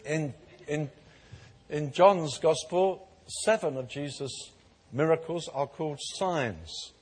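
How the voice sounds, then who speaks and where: A man preaches a sermon in a large hall, his slightly high voice husky and breathy. He tells stories with mounting emphasis, and the long reverb of the room hangs after his words. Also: takes it slowly. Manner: storytelling, growing animated and emphatic.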